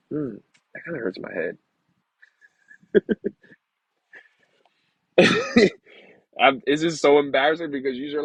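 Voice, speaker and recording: A man reading aloud slowly, sounding out hard words, then talking candidly and casually about his past. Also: on the high side, vocal fry, slightly rough, no room sound, poor audio. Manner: slow halting sounding-out of words, then candid rambling asides. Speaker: vlogger learning to read.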